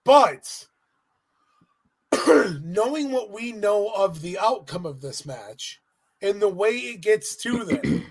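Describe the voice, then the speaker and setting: Brief: male co-host with a high voice, animated and profane storyteller. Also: takes it slowly, long pauses, breathy edge. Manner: animated storytelling, swears freely. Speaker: podcast co-host. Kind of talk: casual chat recapping a wrestling event.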